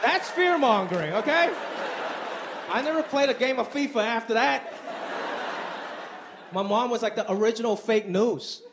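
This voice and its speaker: A man performing an animated, punchy, self-mocking stand-up routine into a stage microphone before a live audience. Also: very high-pitched, normal speed, pauses often, background noise. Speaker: stand-up comedian.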